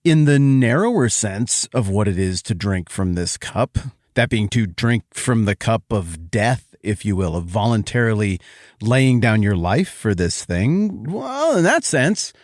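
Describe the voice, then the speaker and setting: A man hosting a Bible podcast, teaching in a joking, animated way that swings from excited to quiet. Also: on the low side, a little slow, dry recording, clean studio sound.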